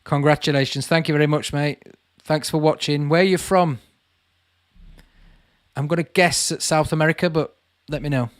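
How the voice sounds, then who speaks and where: A man's voice: on the high side, fairly even intonation, normal speed, dry recording. Man, casual livestream host, chatty, dry close recording. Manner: chatty, calls viewers mate, reads comments aloud. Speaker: channel host answering live chat.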